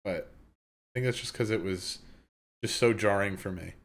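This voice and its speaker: A man co-hosting a podcast, chatting about comic chapters in a relaxed, easygoing way. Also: lowish voice, normal speed. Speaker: podcast co-host. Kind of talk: casual manga review chat.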